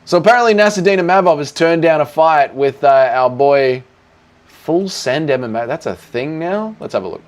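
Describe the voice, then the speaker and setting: A man's voice: fairly high pitch, lively intonation, normal speed. An Australian man hosting a livestream Q&A, reading chat in a crude, casual way with lots of swearing. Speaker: streamer host.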